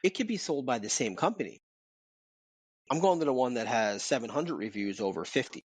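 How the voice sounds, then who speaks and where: A man co-hosting a podcast from his home office, talking in an animated, casual way with repeats and swearing. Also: medium pitch, a little fast, breathy edge, no room sound. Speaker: podcast co-host. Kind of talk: casual chat.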